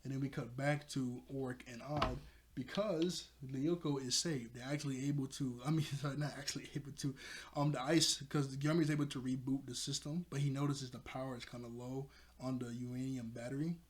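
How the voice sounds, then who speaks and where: A man's voice: mid-range voice, steady tone, fairly quick. A man casually recapping a cartoon episode, rambling and laughing as he often corrects himself. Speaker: show reviewer.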